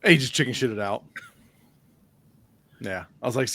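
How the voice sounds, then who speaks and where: A man's voice: mid-range voice, lively intonation, brisk, vocal fry, pauses often, fairly bright tone, no echo. Laid-back man with a dry, close sound. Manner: laughs often, mock voices when quoting. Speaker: podcast co-host. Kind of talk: casual profane banter.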